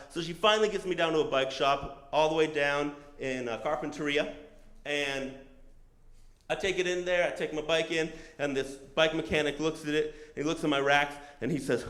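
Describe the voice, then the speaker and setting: A man's voice: on the high side, normal speed, a bit bright, reverberant. A man telling a true story at a live storytelling show, casual and profane, acting out other people's lines. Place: comedy stage before a live audience.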